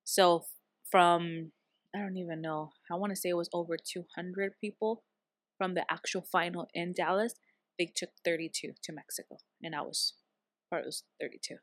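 Woman guest chatting, slightly low voice, plays out the dialogue in her stories, dry close sound. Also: moderate pace, no room sound. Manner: lively, acts out quoted dialogue in her stories. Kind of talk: casual conversational storytelling.

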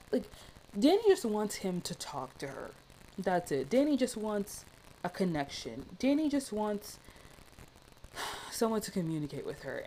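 A woman's voice: medium pitch, warm tone, slight background noise, rough recording. A young woman talking through a film in casual, passionate commentary, rambling with many fillers.

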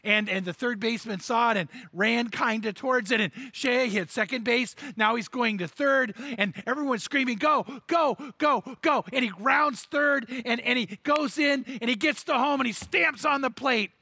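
A man's voice: very high-pitched, moderate pace, vocal fry, few pauses, pushed and bright, no room sound. A man preaching a sermon and telling a story, acting out the characters' lines with animation and repeating words as he goes.

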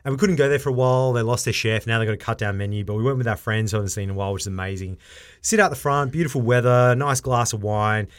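A man co-hosting a podcast in casual chat, animated and laughing often as he acts out quotes. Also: mid-range voice, fast. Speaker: podcast co-host.

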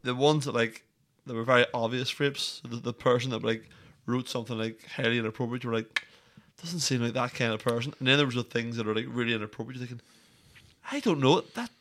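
A man's voice: mid-range voice, fast talker, a little hiss or hum. A man with a Northern Irish accent, telling stories with acted-out quotes and plenty of swearing in casual podcast chat. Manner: animated storyteller, acts out quotes, swears freely. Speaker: podcast co-host.

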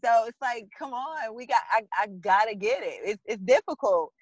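A woman's voice: a little high, lively intonation, moderate pace, no room sound, highs cut off. A woman guest speaking frankly and emphatically about her life, acting out her own thoughts. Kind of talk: candid personal conversation.

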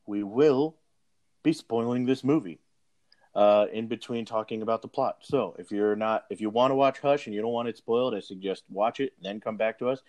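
Rambling low-voiced man reviewing a movie. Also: normal speed, darkish tone. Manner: rambling, many fillers and restarts. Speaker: podcast host. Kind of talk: casual movie review chat.

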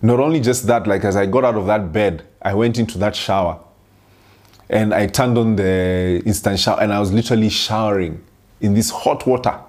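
A young man delivers a sermon in a somewhat low, husky voice. He speaks earnestly, telling a personal story and circling back on key phrases for emphasis. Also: moderate pace, darkish tone. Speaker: preacher.

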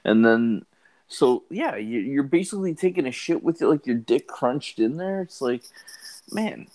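A man's voice: medium pitch, animated, measured pace, darkish tone. A man in crude casual chat, complaining with swearing and rising exasperation.

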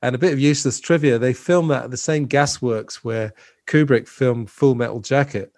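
A man's voice: mid-range voice, moderate pace, a little mellow, dry recording, studio quality. A man hosting a casual film discussion, talking loosely with many fillers and restarts. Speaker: podcast host.

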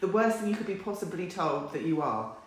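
A co-host with a London accent who chats in an animated, opinionated way and agrees often. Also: mid-range voice, a little fast. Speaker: podcast co-host. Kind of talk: casual chat. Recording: very echoey room.

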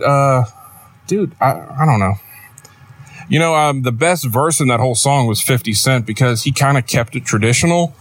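A man hosting a comedic podcast in a rambling, deadpan, sardonic monologue, recorded near a road. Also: mid-range voice. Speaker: podcast host. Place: outdoors near a road with passing trucks.

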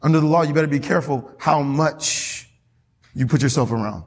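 A man's voice: a little high, fairly quick. Preaching man in a reverberant hall. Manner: call-and-response preaching, asks congregation questions. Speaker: pastor. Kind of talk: sermon. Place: church hall.

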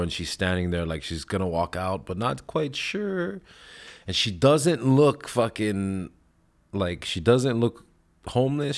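A man hosting a podcast, telling stories in a rambling, laid-back way and swearing often. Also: sits low. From Hawaii. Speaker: podcast host. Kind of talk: casual chat.

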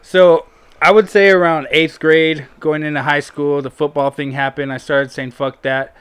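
A young man spins a meandering story from his school days, swearing freely and leaning on fillers. His voice sits a bit high and sounds smooth and resonant. He is recorded close-up in a dry, quiet room. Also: flat delivery, normal speed, dry recording. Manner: rambling, profane, full of fillers. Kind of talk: casual storytelling chat.

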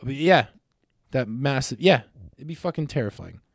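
A man co-hosting a casual podcast, bantering with lots of swearing and excitable outbursts. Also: medium pitch, normal speed, gravelly, no echo, clean studio sound. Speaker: podcast co-host. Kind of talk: casual chat.

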